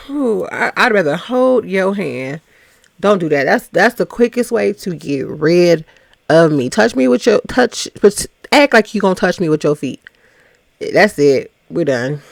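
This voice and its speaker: A woman talks through a reality show recap in a gossipy, teasing way. Her voice is gravelly and swings widely in pitch as she takes her time. The sound is dry and close. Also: expressive, unhurried, no room sound. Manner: chatty, gossipy, teasing asides. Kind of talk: casual recap commentary.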